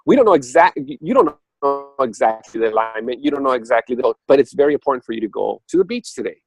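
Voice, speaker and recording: A man's voice: quick pace, rough recording. A man in casual spiritual talk, telling his story conversationally with many fillers and restarts, his voice jumping up sharply when he gets worked up. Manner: animated storytelling with sudden jumps up in pitch. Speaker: speaker on a spiritual talk show.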